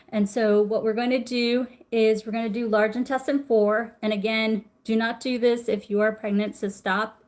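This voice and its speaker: A middle-aged woman teaching acupressure on a live stream, chatty and warm, stopping to greet viewers. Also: a little high. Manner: warm, chatty, reads viewer comments aloud. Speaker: acupressure instructor. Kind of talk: live-streamed health lesson.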